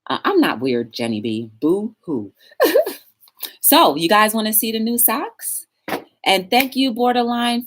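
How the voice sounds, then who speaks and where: A woman hosts a casual live-stream talk show, speaking straight to her viewers. Her voice sits on the low side but leaps around with lively, animated pitch. She leans on words for emphasis when she reads quotes aloud.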